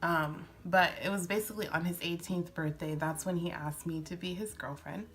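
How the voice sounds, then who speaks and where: A woman's voice: on the low side, normal speed, a bit bright. A young woman vlogging as she does her makeup, telling a sweet love story in a casual, emotional way, teary and slipping into whispers now and then. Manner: emotional, tearful, breaking into whispers and laughs. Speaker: beauty vlogger. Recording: faint background music.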